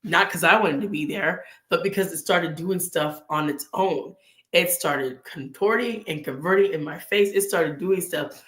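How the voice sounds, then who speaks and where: A woman's voice: lowish voice, normal speed, fairly bright tone, roomy sound. A woman hosting a casual vlog, sharing faith and personal stories in an earnest way and acting out bits of inner dialogue. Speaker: vlog host.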